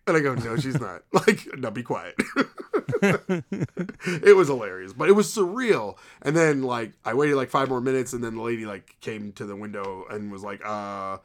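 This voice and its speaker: A man's voice: mid-range voice, expressive, normal speed. A man in his thirties co-hosting a podcast, telling stories in a rambling casual way with lots of "like" and quoted dialogue. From New York area. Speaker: podcast co-host. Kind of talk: casual chat.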